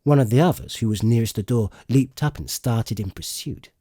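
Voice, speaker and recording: A man narrating an audiobook in slow, expressive storytelling. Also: mid-range voice, no room sound, clean studio sound. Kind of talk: scripted narration.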